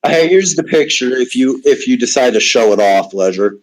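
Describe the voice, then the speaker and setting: A podcast host with a mid-range, lively voice speaks at normal speed over a noisy background. He leads a casual online chat, rambling, restarting and hedging as he steers the conversation from one topic to the next.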